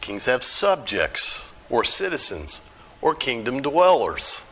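A man's voice: mid-range voice, sing-song, slow, a bit bright, slight background noise. A middle-aged American man giving a conversational church talk, often asking the audience questions. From United States.

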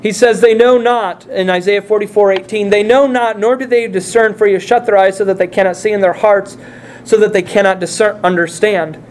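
A man's voice: high voice, fairly even intonation, a little fast, darkish tone, slight background noise. A male pastor preaching a sermon, speaking earnestly and putting direct questions to his congregation.

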